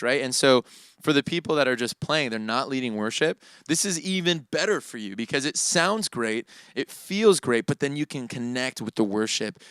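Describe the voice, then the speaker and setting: A man teaching worship keyboard in a relaxed, casual way, often tagging his points with "right?". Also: mid-range voice, smooth, no echo. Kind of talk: casual instructional talk. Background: keyboard playing.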